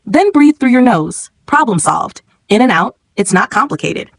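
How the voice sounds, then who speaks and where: A woman reading the lines of a cold, contemptuous male substitute chemistry teacher in a storybook narration, calm and clipped. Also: on the high side, moderate pace, no room sound. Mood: cold, mocking.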